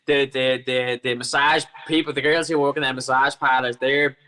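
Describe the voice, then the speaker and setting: Bright-voiced Irish man telling stories. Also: mid-range voice, flat delivery, normal speed, rough recording. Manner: rambling, swears freely, many restarts. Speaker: podcast guest. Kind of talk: casual storytelling.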